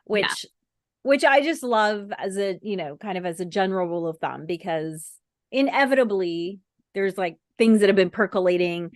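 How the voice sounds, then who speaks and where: A woman's voice: mid-range voice, animated, normal speed, dry recording, studio quality. A woman co-hosting a casual chat, talking easily and laughing often. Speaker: co-host.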